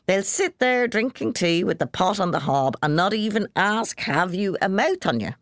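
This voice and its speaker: A woman's voice: mid-range voice, expressive, moderate pace, no room sound, clean studio sound, pitched above the performer's own voice, close to an everyday voice. A woman reading as a drunk jovial Irishman. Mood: boisterous. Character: drunk, jovial young Irish working man.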